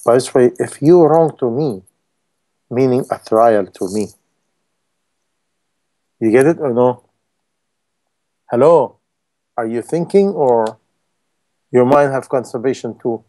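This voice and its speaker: A man's voice: medium pitch, takes it slowly, long pauses, dark tone. A man preaching a sermon in non-native English, emphatic and full of rhetorical questions to his listeners.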